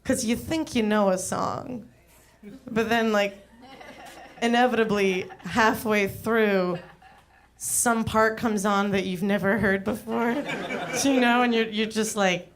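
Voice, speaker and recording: A woman's voice: mid-range voice, steady tone, moderate pace. A young adult woman performing a stand-up comedy set on a club stage, chatty and self-deprecating with lots of "like".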